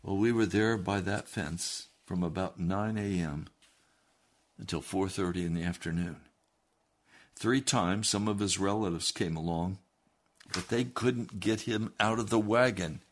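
Male preacher, low voice, earnest storytelling sermon with direct exhortation. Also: a little slow. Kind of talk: sermon with a first-person story reading.

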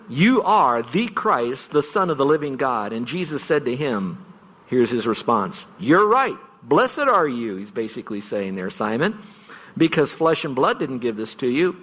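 A man's voice: medium pitch, animated, normal speed, fairly bright tone. A middle-aged man preaching a farewell sermon as pastor, earnest and storytelling, leaning on single words to stress them. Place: large church sanctuary. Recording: long hall reverb.

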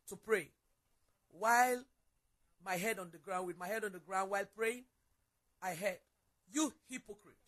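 A guest with a mid-range voice shares her personal faith testimony as an earnest story, frequently repeating or restarting her phrases.

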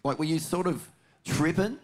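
A man's voice: fairly high pitch, normal speed. A middle-aged Australian man hosting a podcast, blokey and joking, swearing freely. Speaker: podcast host. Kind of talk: casual podcast chat.

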